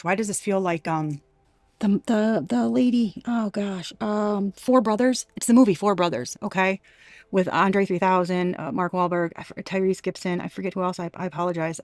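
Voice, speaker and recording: A woman with a somewhat low voice giving an intuitive tarot reading. She talks emphatically and in bursts, stopping and restarting her sentences. The recording is dry and close, with no room echo. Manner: emphatic, halting, full of restarts and exclamations. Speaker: tarot reader.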